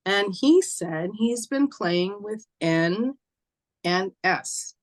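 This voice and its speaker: Woman guest, mid-pitched, halting, emotional storytelling. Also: expressive. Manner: halting, acts out dialogue softly.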